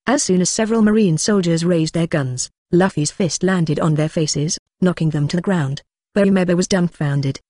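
Synthetic audiobook reader, mid pitch, flat and mechanical, dry booth. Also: normal speed, no echo. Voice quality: flat, mechanical reading that voices punctuation aloud. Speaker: audiobook narrator. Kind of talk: scripted narration.

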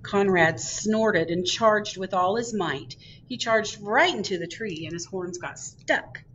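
A woman librarian reading a picture book aloud to children, expressive and drawn out. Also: mid-range voice, takes it slowly, recorded from a distance, dull audio, a little hiss or hum.

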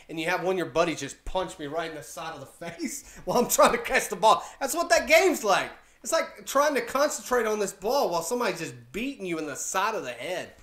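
A chatty, excitable man giving casual reaction commentary at home, laughing often as he talks. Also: on the high side, fast, few pauses. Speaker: reaction video host. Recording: echoey room with faint music.

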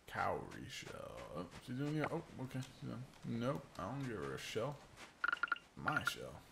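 A man's voice: mid-range voice, wildly swooping pitch, a little slow, creaky, heavy background noise. A man with a Pacific Northwest American accent streaming a farming game, thinking aloud in casual commentary with dry self-mocking asides. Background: game music.

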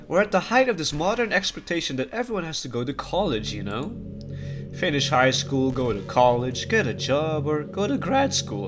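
A man doing a chatty teenage girl, earnest. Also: a little high. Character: cheerful teenage girl musing about life. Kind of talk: reading game dialogue aloud.

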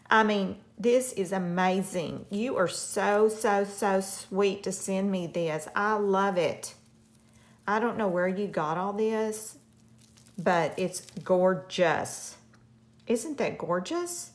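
A woman hosting a craft channel, gushing over a parcel in a casual unboxing chat with frequent gasps. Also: medium pitch.

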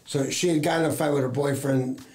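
A man's voice: medium pitch, steady tone, fast, darkish tone. A middle-aged man from the United States, a talent agent, telling rambling anecdotes in casual chat and acting out what others said. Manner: rambling, acts out quoted voices, many fillers. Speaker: talent agent, interview guest.

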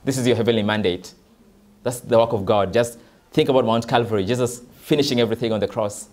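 A man's voice: medium pitch, steady tone, quick pace, darkish tone. Man preaching an earnest sermon. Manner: earnest preaching with a loose spoken-English flow and fillers. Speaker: pastor. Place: church worship service.

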